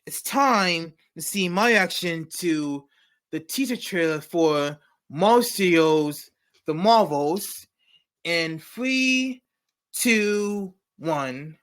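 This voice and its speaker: A man's voice: high voice, lively intonation, very slow, a bit bright, clear, resonant tone. A man hosting a comedy news segment, reading jokes with frequent stumbles and self-corrections. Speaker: comedy show host.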